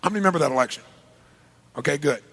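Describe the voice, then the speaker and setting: A man giving a live seminar talk to a large audience, energetic and punchy, polling the crowd with quick questions. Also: on the high side. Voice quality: gravelly, husky. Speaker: seminar speaker.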